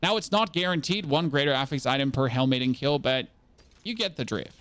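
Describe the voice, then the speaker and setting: A man's voice: mid-range voice, animated, brisk, fairly bright tone, no room sound. A German man, a native German speaker, chatting casually on his live stream, rambling, repeating words and swearing now and then. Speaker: game streamer.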